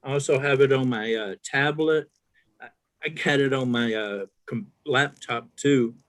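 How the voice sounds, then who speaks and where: A man's voice: medium pitch, unhurried. A man chatting casually on an online call about fishing gear, rambling with many fillers. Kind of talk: casual chat.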